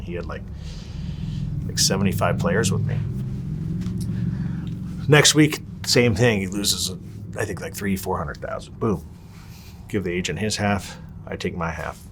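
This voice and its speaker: Man, fairly low voice, casual interview guest, lively storytelling. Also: background noise. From Los Angeles, USA. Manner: animated, acts out quoted dialogue.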